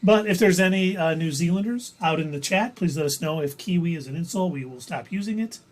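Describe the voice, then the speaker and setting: A man's voice: fairly high pitch, brisk, poor audio. A man co-hosting a casual pop-culture discussion, chatty and loose with lots of fillers. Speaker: podcast co-host.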